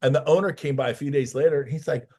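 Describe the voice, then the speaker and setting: A man's voice: fairly high pitch, steady tone, quick pace, darkish tone. A middle-aged man, a real estate coach, telling a personal story in a casual interview and acting out the voices of the people in it.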